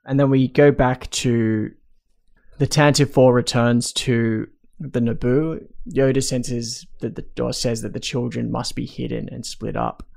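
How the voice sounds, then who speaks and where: A man with a deeply gravelly, fry-laden voice talks through scenes at a relaxed, chatty clip. His pitch sits right in the middle of a man's range. He throws in quick asides and little laughs as he recaps. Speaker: podcast co-host recapping a film. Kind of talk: casual chat.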